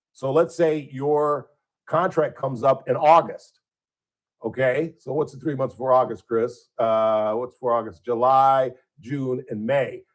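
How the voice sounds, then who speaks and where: A radio host with a husky, slightly breathy voice tells a story from his career in a loose, conversational way. He acts out his own past outbursts, and his pitch jumps high when he does. He sounds like he is speaking in a studio. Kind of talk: casual storytelling monologue.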